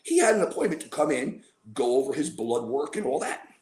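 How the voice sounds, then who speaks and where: A fairly high-pitched, slightly mellow male voice swings widely in pitch and talks fairly quickly. He's a podcast guest telling a long, casual story, rambling with fillers and acting out quotes. The recording has a roomy echo.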